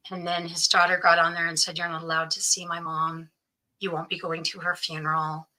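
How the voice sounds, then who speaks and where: A woman's voice: lowish voice, little pitch movement, fairly quick, bright, forceful tone, poor audio. A woman guest recounting a personal story in an interview, earnestly quoting what others said to her. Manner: earnest, quotes others' speech as she tells it.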